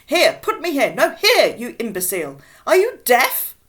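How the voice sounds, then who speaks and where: A woman reading aloud voices a cranky old woman in a wheelchair, shouting and scolding shrilly. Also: sits high, wildly swooping pitch, moderate pace, pitched above the performer's own voice, exaggerated voice. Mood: furious.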